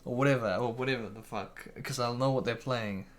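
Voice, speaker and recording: A man talking through a live stream at a middle pitch, loose and unscripted. He trips over his words, restarts often and throws in casual swearing as he answers viewers. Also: a little fast. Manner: swears casually, restarts a lot, reads chat aloud.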